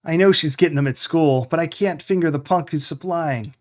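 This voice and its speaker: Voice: medium pitch, fairly quick, lightly acted. A streamer reading a game's lines aloud in character as a depressed middle-aged father, in a mournful, complaining voice. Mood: despairing. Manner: mournful, self-pitying complaining. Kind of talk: game text read aloud in character.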